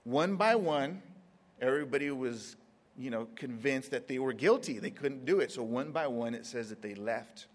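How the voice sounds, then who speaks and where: A man preaching a sermon, drawing words out with dramatic pauses and acting out scenes in quoted voices. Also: mid-range voice, animated, in a large hall.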